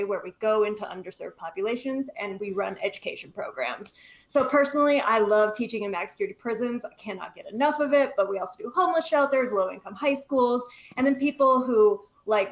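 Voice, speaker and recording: A young woman, a nonprofit head, talks as a guest in a casual streamed interview. She is brisk and frank, swears without fuss, and her voice sits somewhat high. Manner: brisk, candid, swears casually, laughs easily.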